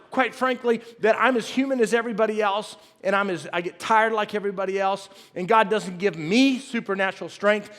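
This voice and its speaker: A man's voice: sits high, a bit bright. A middle-aged man, preaching a sermon in a folksy, self-deprecating way and joking with the congregation. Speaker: pastor. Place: large church sanctuary. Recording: long hall reverb.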